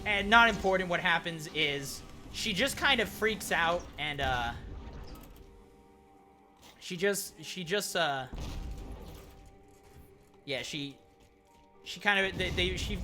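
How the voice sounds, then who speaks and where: A young man telling a rambling joke on a stream, slipping into little voices for the people in it. His voice sits a bit high and sounds bright and forward. Faint game music plays underneath. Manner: rambling joke-teller, acts out quoted voices. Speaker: gaming streamer. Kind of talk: casual storytelling while playing.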